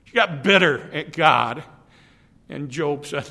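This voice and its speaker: A man's voice: fairly high pitch, expressive, slow pace, sharp tone, long reverb tail. Brief: emphatic male preacher, stumbling repeats, ringing tone. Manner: emphatic, repetitive, stumbling restarts. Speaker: pastor. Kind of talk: sermon.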